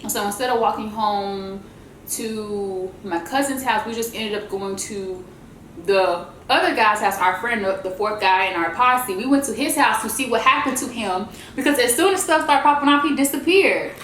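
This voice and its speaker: A woman vlogger telling a story in a chatty, animated way while she eats, and she calls her viewers y'all. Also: mid-range voice, normal speed, echoey room, slight background noise, rough recording. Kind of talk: casual storytelling while eating.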